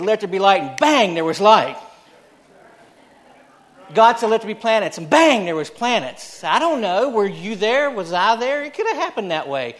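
Middle-aged male pastor, high-pitched voice, emphatic repetitive sermon delivery with rhetorical questions. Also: a bit bright.

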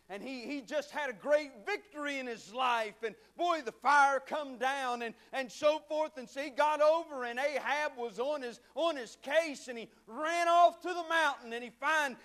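A man preaching a sermon with fervent swings from shouting to hushed near-whispers, talking straight to his listeners. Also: very high-pitched, moderate pace, hardly any pauses. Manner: conversational, addresses listeners as friend.

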